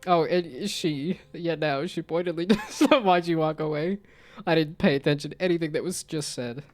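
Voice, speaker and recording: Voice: medium pitch, fairly quick, faint music behind. A VTuber streamer giving playful live commentary over a story game, slipping into mock-archaic phrases and laughing often.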